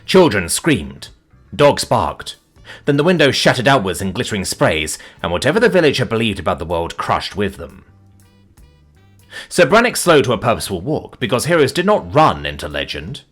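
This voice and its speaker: A man narrating a comic fantasy story with wry, deadpan asides. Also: on the low side, moderate pace, soft background music.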